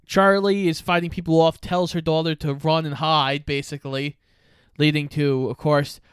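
A man's voice: on the high side, little pitch movement, normal speed, clear, resonant tone, no room sound. A man co-hosting a podcast, steadily summarizing a movie plot with dry asides. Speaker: podcast co-host. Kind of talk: casual movie recap chat.

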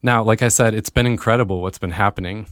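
A man hosting his own podcast, talking straight to listeners in an earnest monologue that lifts into excited bursts. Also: fairly low pitch, quick pace, dry recording, studio quality. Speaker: podcast host.

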